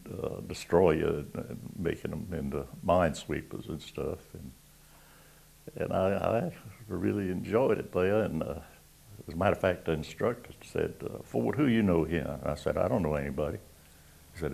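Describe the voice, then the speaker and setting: Old southern guy from south carolina, real low gravelly voice, folksy and rambling. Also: moderate pace, a little mellow. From Georgetown, South Carolina. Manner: folksy, rambling, chuckling between tales. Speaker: WWII navy veteran interviewee. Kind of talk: oral history storytelling.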